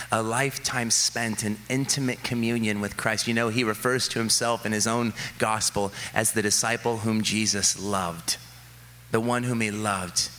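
A male pastor preaching a sermon, telling stories about his kids with lively excitement and then settling into soft, earnest reflection. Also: lowish voice, slight background noise. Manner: animated storytelling, quoting his kids with rising excitement.

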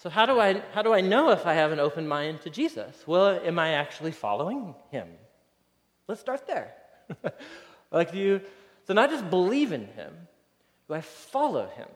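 A man's voice: high voice, sing-song, moderate pace. A man in his thirties, a pastor giving a sermon in a conversational, storytelling way and chuckling often. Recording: reverberant hall.

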